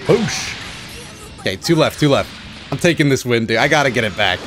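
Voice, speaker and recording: A man giving excited, self-mocking commentary over his own fighting-game matches, groaning at losses and cheering at wins. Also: medium pitch, normal speed. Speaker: gaming channel host. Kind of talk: live gameplay commentary. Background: game music and sound effects.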